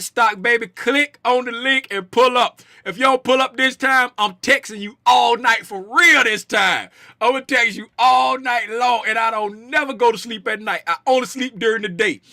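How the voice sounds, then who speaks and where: A man's voice: very high voice, bright, forceful tone, no echo, clean studio sound. A man hosting a casual livestream, joking around and greeting chat viewers by name. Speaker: livestream host and trading educator.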